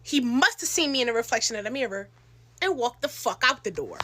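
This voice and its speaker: A young woman telling a casual storytime, animated and full of slang, acting out other people's lines. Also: on the high side, brisk, heavy background noise. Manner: animated, slangy, acts out voices in her telling.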